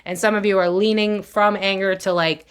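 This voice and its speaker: A woman's voice: mid-range voice, steady tone, normal speed, clean tone. A young woman giving a chatty tarot reading, full of slang and swearing, laughing often and acting out quoted voices with big swings. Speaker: tarot reader. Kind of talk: casual tarot reading to camera.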